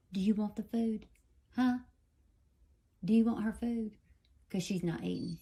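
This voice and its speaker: A woman's voice: medium pitch, measured pace, long pauses, noisy background. A woman filming at home with a phone camera, coaxing and scolding her dogs in pet-talk. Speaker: dog owner filming her pets. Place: home indoors.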